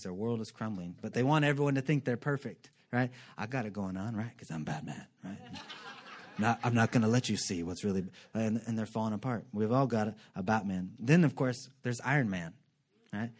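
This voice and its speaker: A male pastor preaching to his congregation in an animated, joking way. His voice sits a bit high for a man, and he slips into quick impressions as he goes. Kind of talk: sermon.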